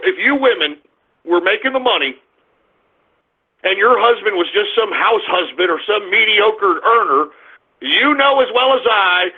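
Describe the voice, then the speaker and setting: A man hosting a radio talk show, ranting in a crude, rambling, combative way and repeating himself. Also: high-pitched. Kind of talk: opinionated solo radio rant. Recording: phone-like narrow band audio.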